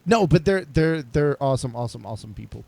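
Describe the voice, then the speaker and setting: A man co-hosting a casual podcast, telling stories in a rambling, animated way with lots of restarts. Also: mid-range voice, fast, vocal fry, no room sound. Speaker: podcast co-host. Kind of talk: casual chat.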